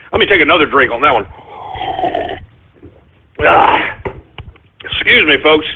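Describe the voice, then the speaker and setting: A man hosting a talk radio show, ranting loudly and profanely with indignant repetition. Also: sits high, husky. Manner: loud, profane, indignant ranting with repeated catchphrases. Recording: phone-like lo-fi radio audio.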